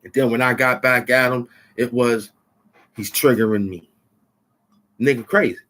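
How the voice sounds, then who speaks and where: A man's voice: medium pitch, flat delivery, brisk, pushed and bright. A man hosting his own channel, taunting and boasting in a rambling trash-talk rant. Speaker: channel host. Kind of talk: trash-talking rant at the camera.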